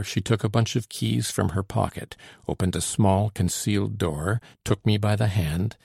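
A man narrating an audiobook in a measured storytelling manner. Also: gravelly, slightly rough, no echo, clean studio sound. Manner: measured storytelling with lively pitch. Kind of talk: scripted narration of a period novel.

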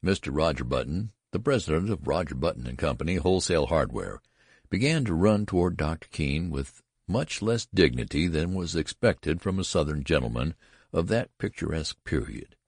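Deep voiced guy reading an old story aloud, husky, lively delivery. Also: normal speed, no echo, studio quality. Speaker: narrator. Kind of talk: audiobook narration of a classic story.

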